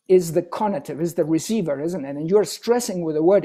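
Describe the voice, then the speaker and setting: A man giving an academic webinar lecture as a guest speaker, halting through restarts and often ending points with "isn't it?". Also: high-pitched, dark tone.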